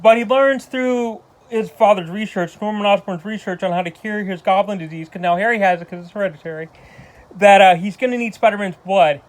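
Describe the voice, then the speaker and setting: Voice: mid-range voice, a little fast. A movie reviewer ranting casually, exasperated and rambling with lots of restarts. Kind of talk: casual spoken film review.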